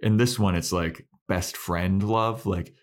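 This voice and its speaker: A young man with a very low voice co-hosts a casual podcast and recaps the plot. He talks in an animated, loose way, swears freely and slips into quick impressions of the characters. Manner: animated, profane, acts out quoted lines. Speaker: podcast co-host.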